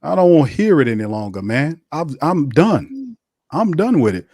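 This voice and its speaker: Brief: heated male sports-show host, dry close mic, mid-pitched, blunt rant. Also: sing-song, fast talker, mellow, dry recording. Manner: blunt, heated ranting with slang and cursing. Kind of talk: live sports watch-party commentary.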